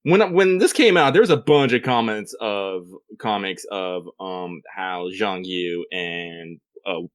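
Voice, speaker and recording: Low-voiced relaxed man on a podcast. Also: slow, smooth, dry recording, clean studio sound. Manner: relaxed, laughs, brief agreeing interjections. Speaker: podcast co-host. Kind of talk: casual podcast chat.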